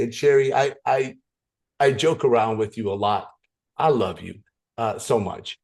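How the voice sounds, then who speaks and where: An energetic man leads a motivational training on a video call, in a voice of ordinary pitch. He tells stories in a playful, goofy way and often restarts his sentences. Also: normal speed.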